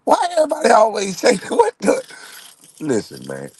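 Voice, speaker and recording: A man's voice: high-pitched, brisk, slightly rough, dry recording. A middle-aged man telling funny, profane stories as he reacts to chat, laughing often. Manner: laughing, profane, animated storyteller. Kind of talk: casual profane storytelling.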